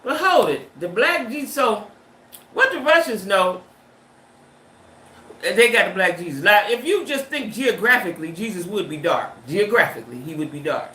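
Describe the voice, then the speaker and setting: A woman's voice: mid-range voice, animated, moderate pace, pushed and bright, reverberant. A woman hosting a livestream in casual, emphatic chat, firing off rhetorical questions and slang. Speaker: livestream host. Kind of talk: casual chat reading viewer comments.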